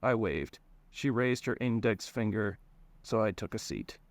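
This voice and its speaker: A man reads his own first-person story aloud in a plain, easygoing way. His voice sits low, and the recording is dry and close with no room sound. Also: expressive, measured pace, dry recording.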